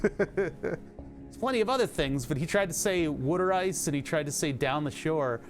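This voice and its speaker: A man's voice: on the high side, expressive, normal speed, faint music behind. A man with a Philadelphia accent, streaming live and chatting casually, rambling, laughing often and swearing now and then.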